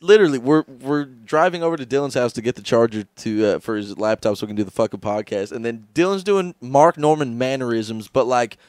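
A man's voice: medium pitch, brisk, few pauses, no echo, clean studio sound. A young man co-hosting a podcast who swears freely, laughs often and tells stories with a lot of energy. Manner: laughs often, animated storyteller, profane. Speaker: podcast co-host. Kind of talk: crude casual chat. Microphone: studio microphone.

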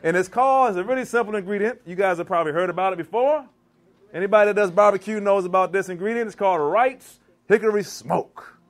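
A man's voice: high voice, fairly bright tone. A man from the DC and Maryland area with a Maryland accent, giving a live cooking demonstration in a church hall, playful and quizzing his audience in call and response. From Washington DC / Maryland area, US. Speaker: chef giving a cooking demo.

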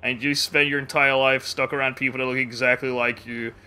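A man's voice: medium pitch, flat delivery, fairly quick, pushed and bright, clear, resonant tone. A man streaming a game live, rambling casually, swearing freely and laughing often. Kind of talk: casual gameplay chat.

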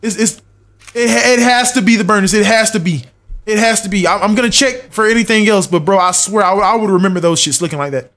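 A man's voice: high voice, fast talker, fairly bright tone. A young man streaming a horror game live, muttering checklists to himself, swearing and talking back to his chat. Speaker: gaming streamer.

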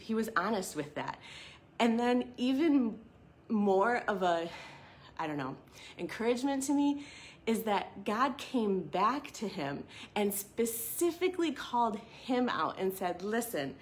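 A woman's voice: medium pitch, expressive, a little slow. Earnest woman giving a devotional talk. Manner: earnest and conversational, full of "um" and "like". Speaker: church devotional speaker. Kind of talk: devotional talk with scripture reading.

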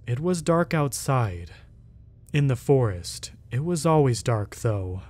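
A man telling a first-person scary story at a middle pitch. He keeps his delivery steady and measured and reads the other characters' lines in much the same voice. The effect is a plain, even storytelling read. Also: no echo. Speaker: narrator. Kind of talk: scripted horror story narration.

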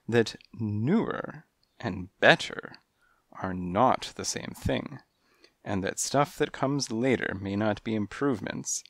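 Slow, low-voiced man narrating an audiobook. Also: dry recording, clean studio sound. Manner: rhythmic, lilting storytelling delivery. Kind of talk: first-person audiobook narration.

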